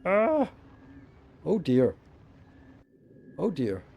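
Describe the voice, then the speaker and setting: A man's voice: mid-range voice, expressive, measured pace, highs cut off. A man streaming a building game, thinking aloud and muttering as he plays. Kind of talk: casual live-stream commentary.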